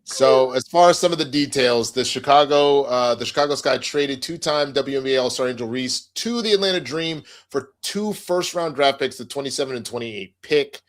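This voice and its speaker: A man co-hosts a casual podcast at a middling pitch. He reads sports stories aloud, then breaks off to joke with his co-host. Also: normal speed, hardly any pauses. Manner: reads news aloud, joking banter.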